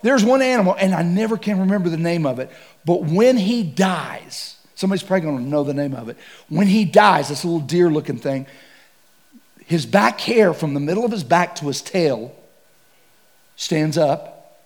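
Brief: high-voiced gravelly man, comic preacher telling safari tales. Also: moderate pace. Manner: animated, shouts and laughs through stories. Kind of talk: comedic sermon storytelling.

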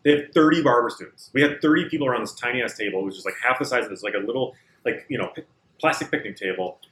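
Bright-voiced, self-mocking man. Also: mid-range voice, rapid-fire, slight background noise. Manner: self-deprecating, profane. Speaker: barber at a barbershop. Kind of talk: casual storytelling chat. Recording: roomy recording.

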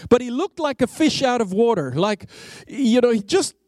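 A man with an accent preaches a sermon as a travelling evangelist. He tells his story with bursts of energy and stumbles over himself as he goes. His voice sits high for a man, and the sound is dry and close. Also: moderate pace, dry recording. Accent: non-native English accent. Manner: animated storytelling with many restarts.

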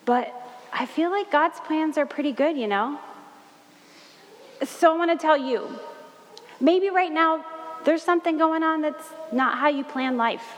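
A woman's voice: high-pitched, slight background noise. A woman playing Mary, an anxious, wide-eyed young woman, in a breathless, questioning first-person monologue. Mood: reflective. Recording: reverberant hall.

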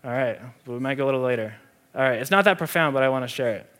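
A male pastor delivering a sermon, mixing teaching with a personal story told in an easy, conversational way, going loud at times and dropping soft at others. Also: mid-range voice, fast talker.

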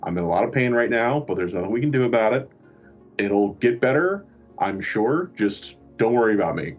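A man with a lowish voice tells a rambling, profane story at an easy pace. The recording sounds a little dull and lo-fi, with faint music underneath. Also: animated, normal speed. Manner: rambling, profane, self-mocking. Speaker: podcast co-host. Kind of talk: casual storytelling.

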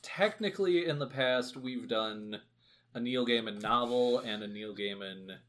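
A man co-hosts a book podcast in relaxed conversation. He speaks at a mid pitch with wordy, wry phrasing and a measured pace. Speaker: podcast co-host. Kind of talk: casual chat.

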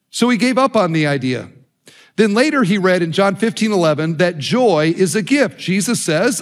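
A pastor delivers a sermon in a high, bright-edged voice, moving through a story with animation. He presses his listeners directly and warmly builds toward his point. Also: animated, brisk.

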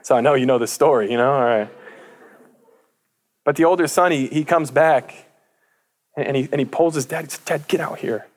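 A man preaching a sermon, retelling a parable in casual, lively storytelling with slang, frequent stammered restarts, and acted-out voices for the characters. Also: mid-range voice, brisk, long pauses.

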